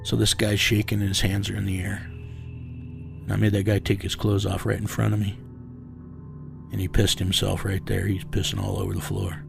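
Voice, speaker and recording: A man's voice: on the low side, completely flat delivery, normal speed, vocal fry, music in the background. A man in an interview, bluntly recounting a tense story in a matter-of-fact way. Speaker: interview subject recounting events.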